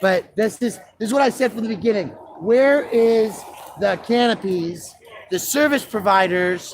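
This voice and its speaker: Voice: mid-range voice, unhurried, a little mellow. A citizen journalist giving heated, impassioned commentary while filming on a city street. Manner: impassioned, builds into an indignant rant.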